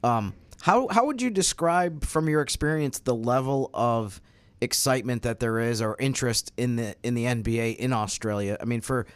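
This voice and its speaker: A man's voice: mid-range voice, normal speed, smooth, dry recording. A man co-hosting a sports podcast, speaking earnestly and thoughtfully with frequent restarts. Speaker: podcast co-host. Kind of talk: casual podcast chat.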